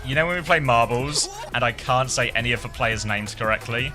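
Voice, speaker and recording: A man's voice: mid-range voice, brisk, music in the background. A middle-aged man, chatting playfully with his live-stream viewers and laughing often. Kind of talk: casual live-stream chat.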